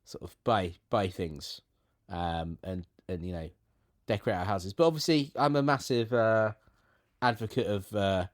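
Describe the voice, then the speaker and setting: Low-voiced rambling man. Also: a little slow, no room sound, clean studio sound. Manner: rambling, jokey tangents with many restarts. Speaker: podcast co-host. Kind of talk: casual chat. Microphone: remote call.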